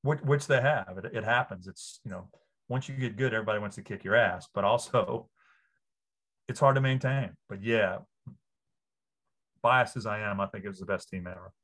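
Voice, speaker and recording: A man in his fifties from Louisiana, a sportswriter guest on an interview, telling stories with lively enthusiasm. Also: fairly low pitch, normal speed, pauses often. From New Orleans area, Louisiana. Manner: enthusiastic, animated storyteller. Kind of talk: casual interview.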